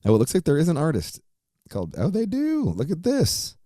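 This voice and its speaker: A man's voice: a little high, huge pitch swings, fairly quick, mellow, dry recording, studio quality. A man hosting his own podcast, talking casually and rambling, swearing often. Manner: profane, rambling, laid-back. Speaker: podcast host.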